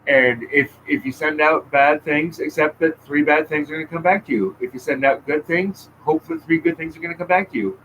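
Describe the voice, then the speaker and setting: A man co-hosting a casual podcast chat, speaking in a slow, measured way with a teasing edge. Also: on the high side, a bit bright, slight background noise, poor audio. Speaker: podcast co-host.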